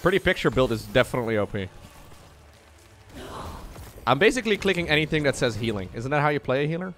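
A man's voice: mid-range voice, big pitch swings, fast, a bit bright, slight background noise. A man joking and teasing himself in casual banter with friends while playing a game. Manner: joking, self-mocking banter. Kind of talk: casual group chat while gaming.

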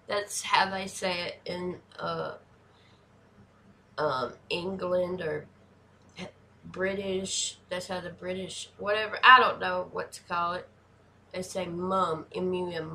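A woman in her forties hosting a reaction video, chatting casually and hyping things up with excitable energy. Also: on the low side, measured pace, gravelly, slight background noise. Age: 40s.

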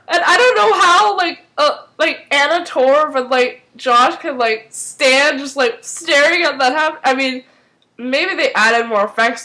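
A woman casually recapping a TV episode, rambling and excitable, filling her talk with "like". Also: fairly high pitch, poor audio. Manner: rambling and excitable, heavy use of "like".

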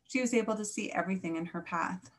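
A woman reading a children's picture book aloud, with clear, expressive storytelling. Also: mid-range voice, fast.

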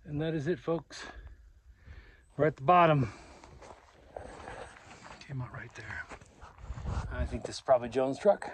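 A man's voice: mid-range voice, lively intonation, unhurried, long pauses, a little hiss or hum. A man narrating a casual hiking vlog outdoors on a mountain trail, rambling and chatty, talking into a handheld camera. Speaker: hiking vlogger.

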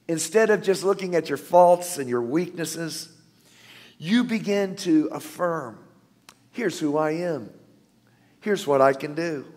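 A pastor delivers his sermon in a somewhat high voice, pressing his points with force and then easing into quiet asides. His words ring out with a long hall reverb. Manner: emphatic preacher, swings between loud declarations and soft asides. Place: church sanctuary.

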